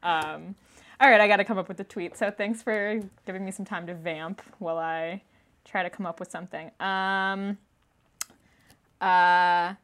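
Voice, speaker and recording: A woman's voice: fairly low pitch, fairly even intonation, moderate pace, fairly bright tone. Giggly woman hosting a podcast. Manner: giggly, laughs often between lines. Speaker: podcast host. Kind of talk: casual podcast chat.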